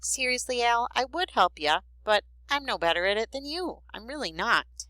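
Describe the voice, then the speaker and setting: A woman's voice: fairly low pitch, sing-song, normal speed, pushed and bright, no room sound, exaggerated voice, low-quality recording. A woman voicing an easygoing teenage boy, the narrator's joking big brother, in a storybook reading. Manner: laid-back, joking, folksy.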